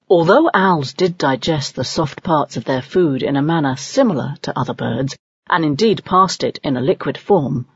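Slow, husky woman reading a children's story. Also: deep voice, dry recording, muffled recording. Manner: measured, expressive storytelling. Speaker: audiobook narrator. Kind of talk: scripted narration.

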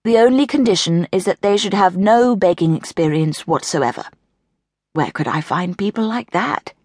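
A woman voicing a sulky grown man king who moans slowly and gloomily. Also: medium pitch, expressive, darkish tone, dry recording, studio quality, lightly acted. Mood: moaning. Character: moaning, self-pitying grown man king.

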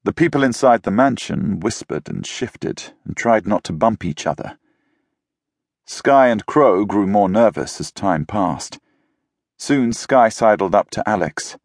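A man narrating a children's novel, in a slow, measured reading. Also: fairly low pitch, lively intonation, dry recording, clean studio sound. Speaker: audiobook narrator.

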